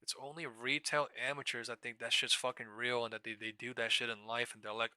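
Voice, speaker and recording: A man's voice: medium pitch, level tone, bright, forceful tone, clean tone, no room sound. Profane ranting man streaming live trades. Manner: profane, ranting, fast and emphatic.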